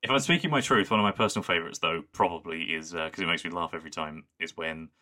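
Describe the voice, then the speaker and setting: A man's voice: low-pitched, fast, bright, forceful tone. A young man co-hosting a podcast, chatting casually and enthusiastically. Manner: enthusiastic, quotes lines in a put-on voice. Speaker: podcast co-host. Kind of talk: casual chat.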